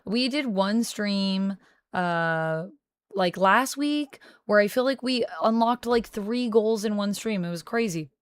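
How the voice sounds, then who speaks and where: A young woman streaming from home, chatting casually with her viewers and thinking out loud into a close mic. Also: mid-range voice, animated, slow, smooth, dry recording. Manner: chatty, talks to chat, thinks aloud. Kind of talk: casual livestream chat.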